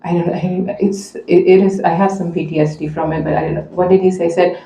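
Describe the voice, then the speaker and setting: A woman's voice: on the low side, fairly even intonation, fast, mellow. A woman telling a personal story as a mother to a community audience, earnestly and conversationally, with many fillers. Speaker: mother speaking at a community event. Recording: echoey room.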